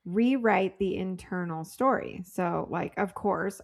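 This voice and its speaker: A woman's voice: on the low side, takes it slowly, vocal fry. A woman co-hosting a podcast in casual chat, talking loosely and giggling often. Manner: chatty and giggly, with loose filler-heavy phrasing. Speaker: podcast co-host.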